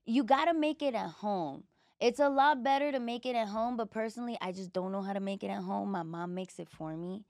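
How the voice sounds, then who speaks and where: A woman's voice: mid-range voice, brisk, a little mellow, no room sound, clean studio sound. A woman hosting a comedy podcast in casual chat, brash and profane, bursting into big laughs, with a Puerto Rican family background. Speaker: podcast host.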